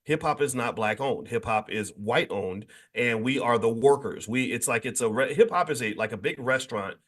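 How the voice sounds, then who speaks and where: A man hosting a morning finance show in casual livestream talk, animated and rambling, full of restarts and sudden jumps in pitch. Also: normal speed. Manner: conversational, addresses the audience directly.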